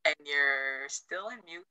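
On a video call, a woman from Chuuk in Micronesia tells a travel story in a casual, animated way, full of "like" fillers and quotes acted out with big pitch jumps. Her tone is clean, with no room sound, though the recording quality is low.

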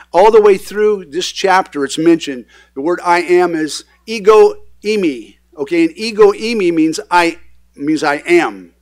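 A man preaching a sermon with a voice that sits a little high. He reads scripture aloud and explains it in a loose, conversational way, full of fillers and restarts, and leans firmly into his key points. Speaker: pastor. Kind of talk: sermon, Bible reading with commentary. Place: church sanctuary.

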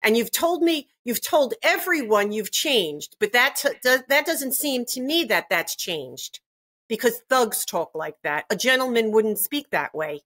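A woman's voice: on the high side, lively intonation, measured pace, fairly bright tone. An older woman and grandmother giving an interview, talking emphatically and indignantly, often repeating herself. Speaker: interview guest.

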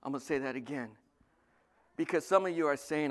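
High-voiced male pastor preaching. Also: fairly quick, long pauses. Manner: lively, swings from loud bursts to soft asides. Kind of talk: sermon.

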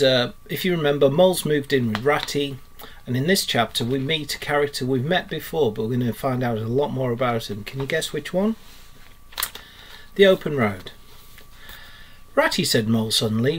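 A male primary school teacher reading a children's storybook aloud to his class in a steady, clear storytelling manner. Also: medium pitch.

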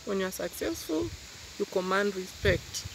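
Young man, gravelly voice, earnest and repetitive, outdoor noise with crickets. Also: high voice, expressive, moderate pace, a bit bright. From Kenya. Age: young adult. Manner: earnest, grateful, repeats key phrases. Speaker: interviewee. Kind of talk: casual interview. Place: outdoors in a rural village. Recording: noisy outdoor recording.

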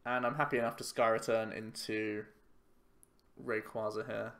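A man's voice: fairly low pitch, flat delivery, moderate pace, fairly bright tone. A man giving casual commentary while playing a card game, thinking aloud in a chatty, self-mocking way. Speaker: YouTube card game player.

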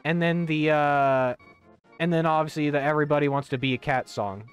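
A young man's slightly high, clean-toned voice moves at a fairly quick clip as he streams a game. His casual talk wanders, full of swearing, fillers and restarts, and faint game music can be heard.

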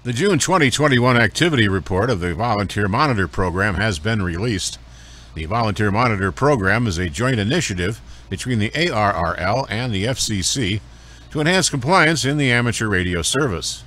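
A man anchoring a radio news bulletin, reading a report in a measured way. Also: on the low side, lively intonation, a bit bright.

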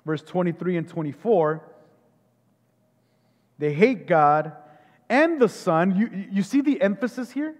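A man's voice: sits high, lively intonation, unhurried, long pauses. A man preaching a sermon as pastor. He talks emphatically, asks rhetorical questions and often repeats himself or restarts. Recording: long hall reverb.

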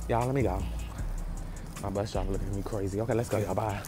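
A man's voice: fairly low pitch, steady tone, fast, pauses often, music in the background. A man vlogging outdoors in a parking lot by his bus, talking to the camera held at arm's length in a brash, profane, theatrical way. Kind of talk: casual travel vlog to camera.

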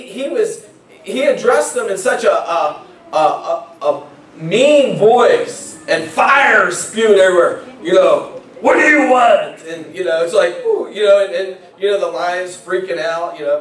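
High-voiced pastor in an echoey church. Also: male voice, recorded from a distance. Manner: conversational, repeats words when starting phrases. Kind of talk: sermon. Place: church sanctuary.

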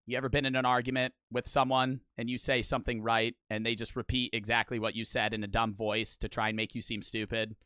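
A man's voice: medium pitch, level tone, fairly quick, few pauses, sharp tone, clean tone, no echo, clean studio sound. A young man giving rambling, argumentative reaction commentary, swearing often and restarting his sentences. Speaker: online reaction streamer.

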